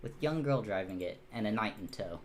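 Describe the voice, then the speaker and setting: A man's voice: on the low side, animated, a little fast, noisy background. A man narrating as game master of a tabletop game, casual and rambling, with fillers and the odd swear.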